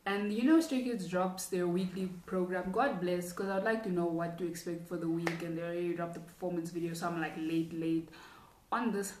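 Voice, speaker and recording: A young woman hosting a reaction video, chatting casually in an excitable, rambling way as a fan. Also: on the low side, normal speed, a little hiss or hum. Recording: roomy echo, distant from the mic. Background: music video playing.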